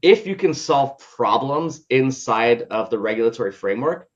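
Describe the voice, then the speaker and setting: A man's voice: medium pitch, animated, normal speed. Casual guy on a podcast, says "like" and "right?" a lot, kinda dull audio. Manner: loose, filler-heavy, ends points with "right?". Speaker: podcast guest, product leader. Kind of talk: casual conversational interview.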